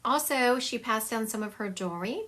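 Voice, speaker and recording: A woman's voice: on the high side, animated, normal speed, a bit bright, slight background noise. A woman psychic medium doing a livestream reading over a phone, chatty, laughing often and acting out what spirits say.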